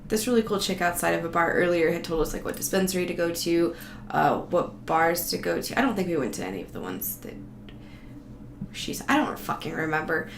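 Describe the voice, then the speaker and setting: A woman's voice: fairly low pitch, creaky, a bit bright. Sweary woman telling a story, roomy sound. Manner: profane, sarcastic, rambling. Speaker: vlogger telling a travel story. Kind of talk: casual storytelling. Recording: roomy echo, faint background noise.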